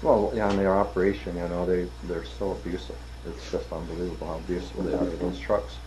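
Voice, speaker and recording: A man's voice: sits low, flat delivery, quick pace, noisy background. An older man casually telling work anecdotes, acting out the people he quotes and laughing at his own punchlines. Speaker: interviewee telling stories. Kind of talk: casual storytelling.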